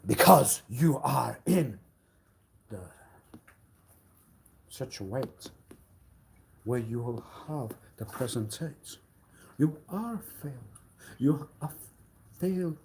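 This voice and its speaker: A man hosting a livestream, giving an improvised mock lecture in a preachy, theatrical way that swings between loud scolding declarations and hushed low murmurs. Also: animated, slow pace, creaky, long pauses, a little hiss or hum. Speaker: livestream host.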